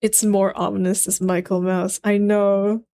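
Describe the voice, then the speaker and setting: A woman's voice: medium pitch, little pitch movement, unhurried, dark tone. A young woman streamer chatting casually on a livestream, giggly and rambling, with many fillers.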